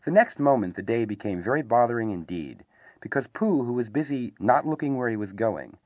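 A man reading a children's story aloud with lively, gently wry narration. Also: medium pitch, a little fast, no room sound. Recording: slightly dull, dry recording.

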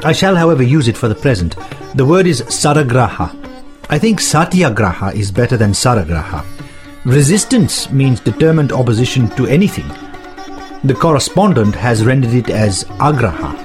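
A man voicing an earnest male leader in a documentary, reading his letters and speeches in a measured, formal way. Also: medium pitch, very animated, darkish tone, close to an everyday voice. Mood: solemn. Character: earnest male leader writing to followers and son. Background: music with sitar.

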